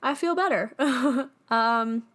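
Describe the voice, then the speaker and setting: A woman's voice: high voice, slow pace, a bit bright. A young woman hosting her own podcast, talking casually and candidly, laughing often and swearing freely. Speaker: podcast host. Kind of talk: casual personal monologue.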